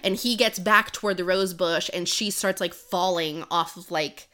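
Bright-voiced young woman recapping a book. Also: fairly low pitch, normal speed. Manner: rambling retelling full of "like". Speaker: podcast co-host. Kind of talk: casual book-recap chat.

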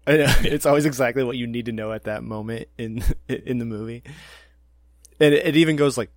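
A man's voice: medium pitch, a little fast, dry recording, studio quality. Laughing man in casual podcast chat. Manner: laughs often, acts out quoted lines. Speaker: podcast co-host.

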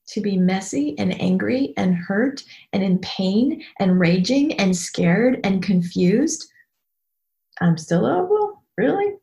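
A woman's voice: mid-range voice, darkish tone. Middle-aged woman doing a motivational talk, blunt and emphatic, cusses a lot, voice sits mid-range. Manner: candid and emphatic, swears freely, shifts into quoted voices. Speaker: speaker addressing an audience.

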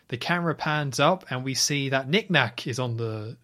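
A man's voice: mid-range voice, sharp tone. Chatty man recapping a film. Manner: retells scenes at length, chatty with quick asides. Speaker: podcast co-host.

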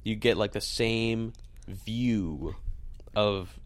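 A man's voice: on the low side, extremely slow, dry recording. A man chatting casually over a video call while watching a movie, joking and sometimes confused. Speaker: movie watch-along co-host. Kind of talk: casual chat.

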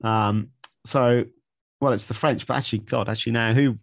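A man's voice: medium pitch, steady tone, moderate pace, gravelly, no echo, clean studio sound. A man co-hosting a casual news chat, thinking aloud with repeated words and a wry tone.

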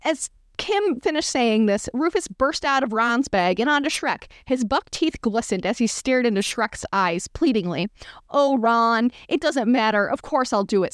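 A woman's voice: a little high, no room sound, studio quality. A woman podcast host reading fan fiction aloud for comedy, breaking off for self-aware asides.

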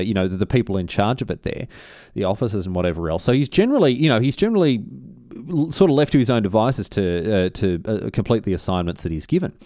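A man's voice: mid-range voice, dark tone, no room sound, clean studio sound. Rambling man telling history. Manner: rambling, filler-heavy, matey retelling with slang. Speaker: podcast host. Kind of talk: casual history storytelling.

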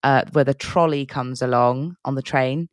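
A woman co-hosting a podcast, chatting casually and laughing a lot as she tells animated stories. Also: very deep voice, moderate pace, no echo, studio quality. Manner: giggly, animated storyteller doing silly quoted voices. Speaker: podcast co-host. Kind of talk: casual chat.

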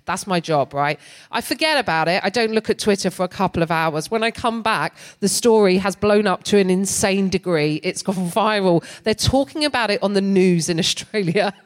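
A middle-aged English woman, a comedian and co-host, telling a story in stand-up with a wry, animated delivery that often breaks into laughter. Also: lowish voice.

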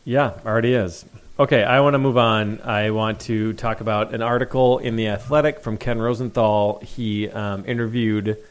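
A man's voice: lowish voice, steady tone, normal speed, clear, resonant tone. A man co-hosting a casual sports podcast, talking with dry, exasperated sarcasm. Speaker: podcast co-host.

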